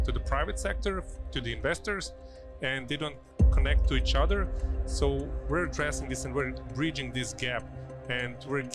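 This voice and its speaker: A man answers interview questions in an earnest, halting way and often restarts his sentences. His voice sits at an ordinary middle pitch, with faint music in the background. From Slovenia. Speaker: attorney, interview guest. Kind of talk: conversational interview. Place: busy conference venue.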